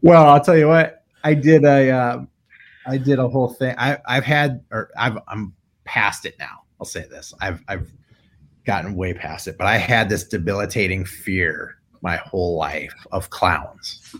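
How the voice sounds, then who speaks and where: A man's voice: on the low side, unhurried. A middle-aged man, a tattoo artist, telling a personal story in casual conversation and acting out what others said. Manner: animated storyteller, acts out quoted voices.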